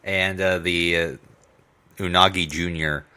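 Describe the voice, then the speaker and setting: A man's voice: deep voice, fairly even intonation, a little slow, bright, forceful tone, smooth. A young man co-hosting a podcast, retelling the plot in an easygoing, filler-heavy way. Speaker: podcast co-host. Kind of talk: casual recap chat.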